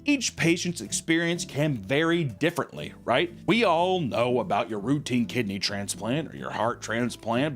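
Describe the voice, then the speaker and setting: A man's voice: a little high, fairly bright tone. A young man hosting a podcast, telling crime stories in a casual, joking way and swearing often. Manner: joking, swears often, breaks into quick voices and laughs. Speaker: podcast host. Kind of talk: casual comedic storytelling.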